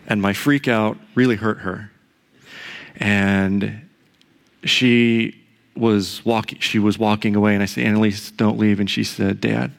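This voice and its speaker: Preaching in a conversational style, a middle-aged pastor shares a personal story, sprinkling in asides and tag questions often. His male voice sits on the low side.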